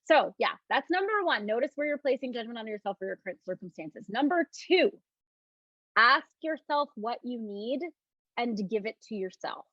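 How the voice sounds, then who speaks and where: A woman hosting a casual live talk on self-love, speaking gently and reflectively and reading out viewer comments. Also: a little high, animated, normal speed, dry recording, lo-fi sound. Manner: gentle, reflective, often mimics questioning tones.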